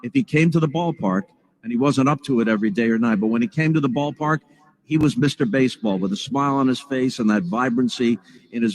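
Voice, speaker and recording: A man quietly remembering a departed broadcaster in a heartfelt, reflective way. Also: mid-range voice, poor audio. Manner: soft-spoken, heartfelt.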